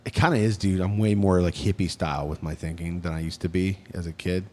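A man's voice: low voice, steady tone, fairly quick. An American man co-hosting a podcast, joking around in casual banter with bursts of mock outrage. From United States. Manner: jokey, loud outbursts, mock indignation. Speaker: podcast co-host.

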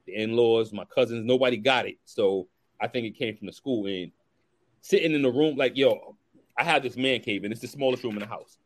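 A man's voice: medium pitch, a little fast. A man hosts a laid-back chat, full of slang. He tells stories with energy and acts out every voice in his anecdotes. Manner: animated storyteller who acts out dialogue, slangy. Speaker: podcast host. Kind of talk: casual chat.

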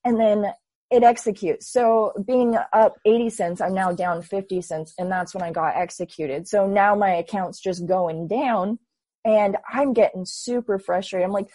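A woman in her twenties, a guest telling her story in a casual, animated way and acting out her own past thoughts. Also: medium pitch, measured pace, no room sound. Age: 20s. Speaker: interview guest.

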